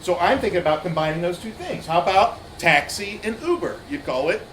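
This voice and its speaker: A man's voice: high voice, big pitch swings, brisk, fairly bright tone. A man from Ohio doing a loose, rambling stand-up set at a bar open mic, full of fillers and restarts. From Ohio, USA. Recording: echoey bar room with crowd noise.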